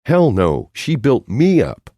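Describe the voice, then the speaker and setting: A fiery, stubborn young woman whose voice cracks with emotion, as a deep-voiced male narrator raises his pitch to play her. She bursts out in defiant, quick-tempered lines. The sound is dry and close. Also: big pitch swings, a little mellow, no room sound, exaggerated voice. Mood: fierce. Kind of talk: audiobook character voicing.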